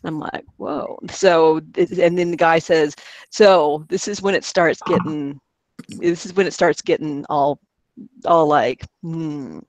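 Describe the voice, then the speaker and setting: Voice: medium pitch, steady tone, unhurried, no room sound. Host type, chatty rambler who keeps laughing, dry close sound; good for loose storytelling. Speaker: podcast host. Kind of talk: casual group chat.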